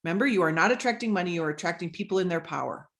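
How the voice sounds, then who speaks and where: A woman business coach delivers a lively, conversational talk on selling through social media, acting out sample messages as she goes. Her voice is on the low side and she speaks in rapid-fire fashion.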